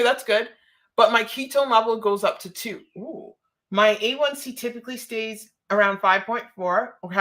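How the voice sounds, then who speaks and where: A woman's voice: medium pitch, fairly bright tone. A woman from Canada chatting on a live stream, emotional and close to tears, rambling and laughing often. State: emotional, holding back tears.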